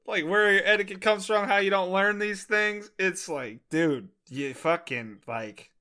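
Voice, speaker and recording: This young podcast host from Maryland, USA, has a high, clear, resonant voice and talks a little slowly. He tells animated, profane stories in casual conversation and laughs often.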